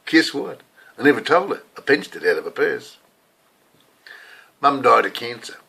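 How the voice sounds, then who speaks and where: A man's voice: fairly low pitch, bright, forceful tone, breathy edge. An older man from New Zealand in a New Zealand accent, giving a rambling, confessional sermon full of personal stories. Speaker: lay preacher. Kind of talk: casual sermon storytelling.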